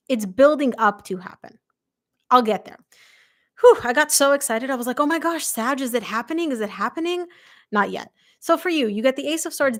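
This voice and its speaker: Chatty woman losing her voice. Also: fairly high pitch. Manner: chatty, excitable, quotes people aloud. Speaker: tarot reader. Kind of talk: live tarot reading.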